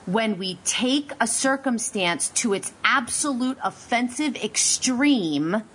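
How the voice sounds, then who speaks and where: A woman hosting a casual talk show, opinionated and lively, her voice going high when she gets excited. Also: a little hiss or hum. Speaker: podcast host. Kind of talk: casual chat.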